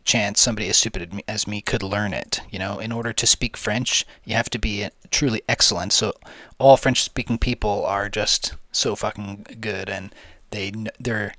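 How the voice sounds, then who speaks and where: A man's voice: on the low side, steady tone, normal speed, hardly any pauses, bright, forceful tone, dry recording. A young man giving casual, rambling gameplay commentary, slangy, jokey and swearing freely. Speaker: gaming video host.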